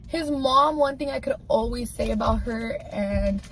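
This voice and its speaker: Woman, casual storytime, candid and rambling, filler-heavy, slightly high voice. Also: measured pace, a bit bright, soft background music. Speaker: storyteller sharing a personal story.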